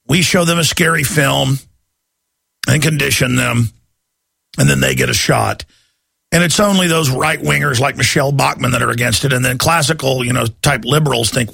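A man's voice: medium pitch, moderate pace, vocal fry, a bit bright, husky, dry recording. A man hosting a talk radio show, delivering an urgent, pleading monologue.

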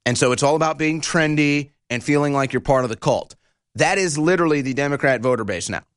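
A man's voice: fairly high pitch, fairly bright tone, dry recording, studio quality. A man hosting a political commentary show, ranting in a combative, insulting and heated way.

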